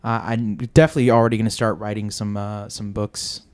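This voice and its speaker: A man's voice: lowish voice, brisk, clean tone, no room sound. A young man, a voice actor, talking casually and animatedly as a podcast guest. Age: young adult. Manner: chatty, animated, self-deprecating.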